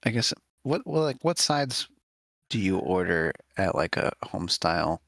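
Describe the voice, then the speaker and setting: A man's voice: deep voice, very animated, a little slow, creaky, fairly bright tone, no echo, clean studio sound. A man co-hosting a casual podcast, joking around and asking hesitant questions. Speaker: podcast co-host. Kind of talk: casual chat among friends.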